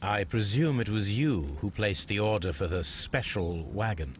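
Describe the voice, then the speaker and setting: A man's voice: on the low side, moderate pace, a little hiss or hum, lightly acted. An actor playing a shrewd, polite male detective in a video game, asking formal, courteous questions. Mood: composed.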